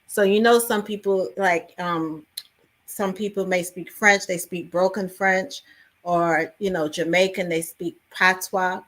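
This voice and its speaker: A woman, originally from England, telling stories in a lively interview conversation. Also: fairly low pitch, measured pace. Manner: animated storytelling with many fillers. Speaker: actress guest.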